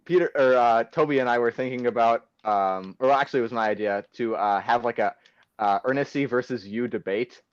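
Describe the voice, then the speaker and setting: A man's voice: mid-range voice, a little fast, clear, resonant tone, dry recording. A teenage boy hosting a casual podcast over a phone call, rambling with restarts and laughing easily. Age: teens. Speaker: podcast host. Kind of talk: casual chat.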